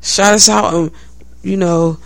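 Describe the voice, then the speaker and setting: A woman's voice: lowish voice, fairly even intonation, unhurried, creaky, no echo. A woman co-hosting a podcast, teasing playfully and laughing a lot. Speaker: podcast co-host. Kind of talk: casual podcast chat.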